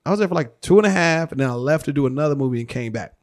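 Male actor guest, high-pitched, animated and slangy storyteller. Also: rapid-fire. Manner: animated, slangy, swears freely. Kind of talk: casual storytelling.

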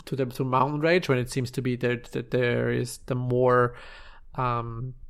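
Halting, gravelly game master. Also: male voice, mid-range voice, level tone. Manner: halting, searching for words with many restarts. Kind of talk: improvised tabletop scene narration.

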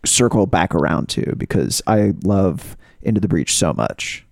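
A man's voice: low voice, expressive, a little slow, gravelly, darkish tone, no echo, clean studio sound. A man from the chatting casually on a podcast, laid-back and swearing now and then. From Southern US. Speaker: podcast co-host. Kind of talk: casual chat.

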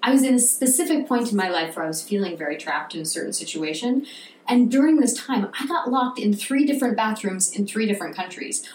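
A woman co-hosting a casual chat, telling stories in a lively way and acting out what people said. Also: medium pitch, a little fast. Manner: animated storyteller, acts out quotes. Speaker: podcast co-host. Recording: roomy, from a distance, faint noise.

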